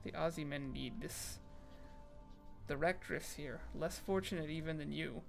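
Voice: medium pitch, measured pace, creaky, faint music behind. A streamer reading game text aloud on a casual stream, often stumbling over words and making fun of themself.

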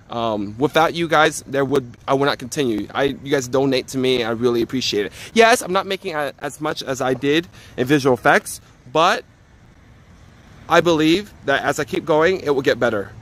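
A man streaming live outdoors on a phone, chatting casually and joking loudly with viewers and family. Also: medium pitch, normal speed. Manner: joking, loud, excitable banter. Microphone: handheld phone.

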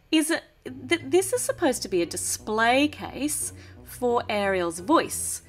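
A cheerful, chatty woman narrating a toy build review who laughs often. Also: medium pitch.

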